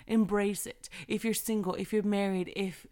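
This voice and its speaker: A woman in her thirties, a mother telling an earnest, animated story about embracing moments with her kids and giving thanks. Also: mid-range voice, moderate pace. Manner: animated, earnest, repeats phrases for emphasis. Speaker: mother sharing faith reflections. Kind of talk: casual inspirational storytelling.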